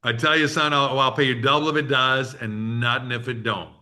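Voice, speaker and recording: A man's voice: mid-range voice, fairly even intonation, a little fast, sharp tone, voice pushed down. A man doing a sly, folksy old businessman. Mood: sly, teasing. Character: gruff older male business owner, sly and teasing.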